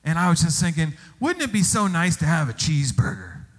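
A male pastor preaching a sermon, telling stories with animated exclamations. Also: on the high side, a little fast. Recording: long hall reverb.

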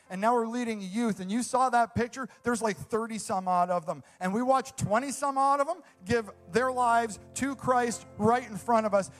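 A young man preaching a sermon as a youth pastor, earnest and enthusiastic, repeating phrases for emphasis. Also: very high-pitched.

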